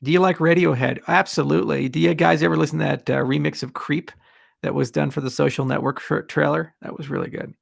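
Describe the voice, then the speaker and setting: Gravelly man in a blunt livestream Q&A. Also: a little high, steady tone, fast talker, no echo, clean studio sound. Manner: candid, blunt, rambling asides. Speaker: tech company founder answering questions.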